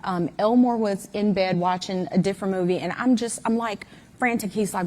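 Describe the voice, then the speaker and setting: Brief: mother recounting a tense night on camera, hesitant with fillers, average pitch, faint noise behind. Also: moderate pace, darkish tone. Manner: hesitant, detailed retelling with fillers. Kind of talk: interview account.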